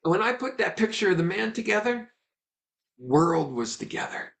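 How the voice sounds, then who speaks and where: An eager, pleading little boy, as a man puts him on in a high, lifted voice. He whines and begs, swinging up to bright excited peaks, with a gravelly edge underneath. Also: normal speed, full character voice. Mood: proud.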